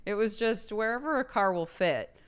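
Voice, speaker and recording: A woman's voice: mid-range voice, expressive, moderate pace, clean tone. A young woman streamer chatting casually late at night with her viewers, laughing often and reading chat aloud.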